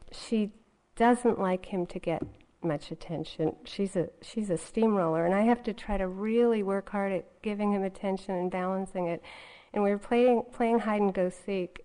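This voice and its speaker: A woman's voice: medium pitch, mellow, poor audio. A woman meditation teacher giving a dharma talk in a conversational way, often adding "you know" as she goes.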